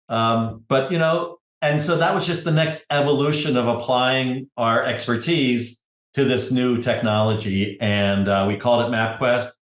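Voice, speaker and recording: A middle-aged man, a podcast guest, telling his story in relaxed conversation, often adding "you know" and "right?". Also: mid-range voice, measured pace, reverberant. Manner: conversational, tag questions, frequent "you know". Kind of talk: casual interview storytelling.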